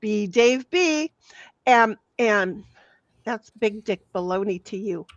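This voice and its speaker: Speaking slowly and animatedly in a mid-range voice, a female livestream host reads out viewers' comments, giggling and teasing in a bawdy, relaxed way. The sound is dry, dull, and lo-fi.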